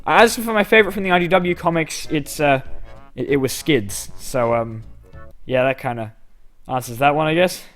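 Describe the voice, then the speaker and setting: A man's voice: fairly high pitch, moderate pace, a bit bright, soft background music. A young man hosting a casual fan Q&A, reading questions aloud and answering in a rambling, self-deprecating way. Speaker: YouTube channel host answering fan questions.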